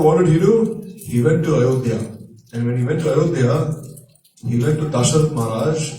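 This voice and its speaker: A man's voice: medium pitch, dark tone. A man giving a sermon, telling scripture stories in a questioning, hesitant way and answering his own questions. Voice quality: frequent hesitations, repeats words. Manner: asks questions and answers them himself. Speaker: speaker giving a religious discourse. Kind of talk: sermon storytelling. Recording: echoey room, voice far from mic.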